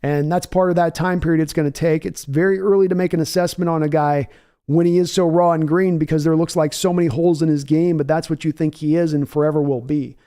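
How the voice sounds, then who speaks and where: A man with a slightly high yet warm, mellow voice hosts a live football stream. He talks in a casual, chatty way, answers viewers by name, and thinks his analysis through out loud. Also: steady tone, smooth. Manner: measured, thinking-aloud analysis with restarts. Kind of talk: casual live-stream football talk, reading chat aloud.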